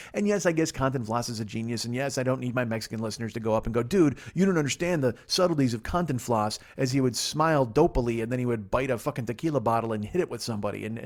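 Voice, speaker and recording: A man hosting a solo comedy podcast, rambling and profane, with a sarcastic edge. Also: mid-range voice. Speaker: podcast host. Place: seated at a table.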